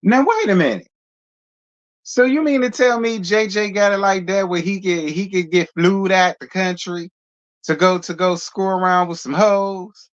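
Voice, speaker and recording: A man hosting a gossip commentary channel, reacting in a sassy, joking way with drawn-out asides. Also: high-pitched. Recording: dull lo-fi audio.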